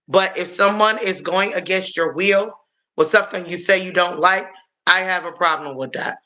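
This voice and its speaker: A man hosting a livestream rambles through answers to viewers' comments, calling them y'all and stumbling along with frequent ums and uhs. His voice sits high and sounds pushed and bright.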